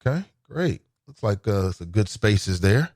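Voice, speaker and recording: A man's voice: lowish voice, very animated, a little slow, darkish tone, no echo. Casual talk-show host man, dry close mic. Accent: Cincinnati, Ohio. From United States. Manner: conversational, reacts with laughs and exclamations. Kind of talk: casual call-in talk show, reading comments.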